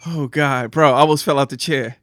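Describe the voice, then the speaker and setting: A man co-hosting a casual chat, animated and quick to laugh loudly. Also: a little high, dry recording. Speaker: podcast co-host.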